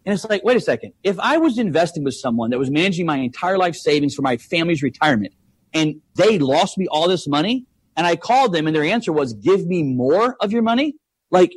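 A man's voice: a little high, lively intonation, fast, slightly rough. A man talking money on a podcast, emphatic, full of rhetorical questions. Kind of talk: casual podcast chat.

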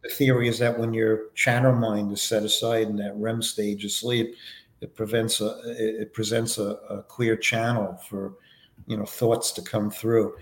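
A man with a lowish voice answers interview questions, drifting into loose personal anecdotes full of "you know"s. He speaks as a podcast guest, and the recording carries a noticeable roomy echo. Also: normal speed. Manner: relaxed anecdotal storytelling, many fillers. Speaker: podcast guest, foundation vice president.

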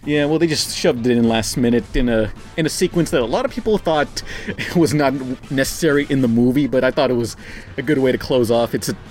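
A man's voice: mid-range voice, brisk, soft background music. A young man casually reviewing a movie with a friend, rambling, laughing often and swearing freely. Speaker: podcast co-host.

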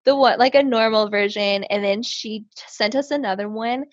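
A woman's voice: fairly high pitch, moderate pace, no echo. A woman co-hosting a casual chat, telling a crude story with lots of laughing. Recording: dull lo-fi sound.

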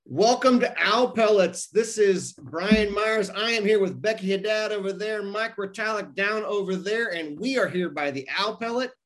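A man's voice: high-pitched, normal speed, hardly any pauses, fairly bright tone. A man hosting a podcast, upbeat as he welcomes a guest and gives her the floor. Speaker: podcast host. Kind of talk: podcast intro and interview.

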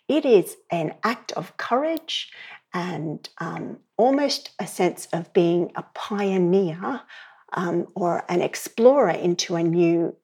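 A middle-aged woman speaking as a parenting educator in a podcast interview, telling stories in a lively way and acting out the voices she quotes. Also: on the low side, breathy edge. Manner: lively storyteller who acts out quoted voices.

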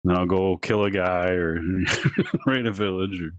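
A man co-hosting a casual gaming podcast, laid-back and halting, often laughing as he talks. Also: deep voice, highs cut off. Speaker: podcast co-host.

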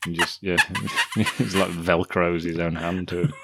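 A man's voice: sits low, very animated, slow pace, heavy background noise. A man co-hosting a podcast, riffing animatedly on a film, laughing often and swearing freely. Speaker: podcast co-host. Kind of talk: casual film-review chat.

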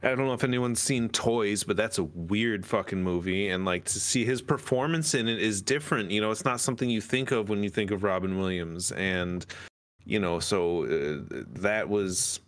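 A man's voice: on the low side, normal speed. A man co-hosting a podcast, chatting casually with rambling sentences and many fillers. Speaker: podcast co-host. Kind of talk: casual chat.

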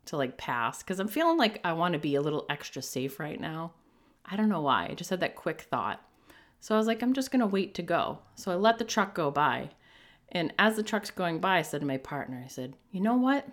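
A middle-aged woman with a low voice tells a personal story on her podcast. She talks casually and with animation, acting out what people said and laughing as she goes. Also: fairly quick. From New England. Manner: animated, jumps into quoted voices, laughs often. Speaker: podcast host.

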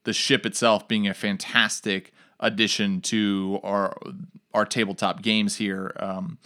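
Lowish man telling a lively story. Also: a little slow. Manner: animated storyteller. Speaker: game master and ministry worker. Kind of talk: casual chat.

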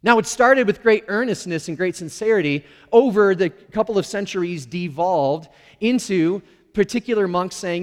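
In a church sanctuary with the long reverb of a large hall, a middle-aged lead pastor gives a conversational, candid sermon full of playful, self-deprecating asides. His voice is high and animated at a normal speed.

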